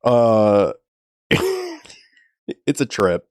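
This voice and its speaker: This man draws out his words in a fairly low, darkish voice that is clear and resonant. He's from New Orleans, Louisiana, chatting casually on a stream, rambling and frequently laughing as he tells stories.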